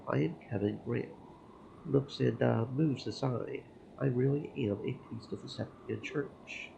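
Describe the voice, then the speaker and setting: A man reading Kevin, a gravelly flirting priest. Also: medium pitch, a little slow, mellow, slight background noise. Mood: playful. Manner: teasing, easygoing banter. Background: game music.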